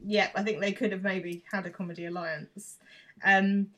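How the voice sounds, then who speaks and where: A woman's voice: mid-range voice, normal speed. A woman co-hosting a podcast, chatting casually and recapping a TV episode with lots of ums. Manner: chatty, relaxed, with filler ums. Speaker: podcast co-host.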